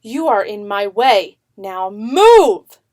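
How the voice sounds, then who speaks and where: A woman's voice: medium pitch, big pitch swings, slow pace. A woman voicing a determined young girl who demands that a wall move. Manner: shouting, insistent.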